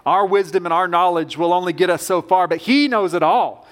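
A man's voice: sits high, a little fast. A man preaching a sermon as pastor, earnest and emphatic, with rising bursts of conviction.

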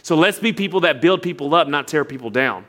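A man's voice: fairly high pitch, brisk. A young adult man, preaching a sermon with storytelling and earnest appeals. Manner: storytelling, animated impressions of others, earnest. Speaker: pastor.

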